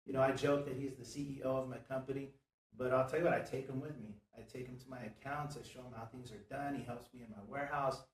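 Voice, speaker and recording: A man's voice: medium pitch, fairly even intonation, fast, slight background noise. Guy hosting a studio chat, earnest and preachy, sounds kinda far off in a roomy space. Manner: earnest, preachy, heavy on "you know". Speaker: show host and business owner. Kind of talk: casual motivational chat. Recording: roomy, distant from the mic.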